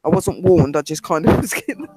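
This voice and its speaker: A British man and paranormal investigator, casually telling a ghost story in an animated way and acting out the quotes. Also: fairly high pitch, a little fast, slightly rough, no room sound.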